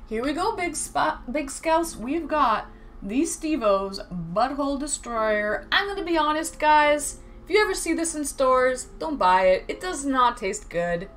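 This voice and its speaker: A woman's voice: high-pitched, animated, a little slow, a bit bright, slight background noise. A woman live-streaming in casual chat, thanking viewers by name and talking straight to her chat. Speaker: livestreamer.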